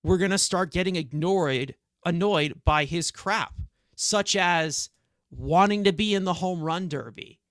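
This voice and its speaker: A man's voice: high voice, measured pace, a bit bright, no room sound, studio quality. A man with a New York accent co-hosting a sports podcast, ranting and swearing as he airs his frustration. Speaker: podcast co-host. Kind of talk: heated sports reaction talk.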